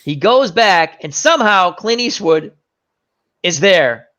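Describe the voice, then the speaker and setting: Bright-voiced man retelling a story. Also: high-pitched, takes it slowly. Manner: animated retelling with fillers and self-corrections. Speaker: host. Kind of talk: casual chat. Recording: dull lo-fi recording.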